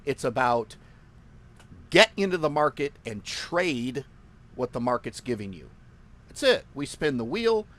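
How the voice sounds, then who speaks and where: A man walks through a live trading screen, excitable and boastful, breaking into laughter again and again. His voice sits at an ordinary middle pitch for a man. He curses casually and hammers his points home by repeating them. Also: measured pace, long pauses. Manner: emphatic, repeats phrases for punch; swears casually. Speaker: forex trading instructor.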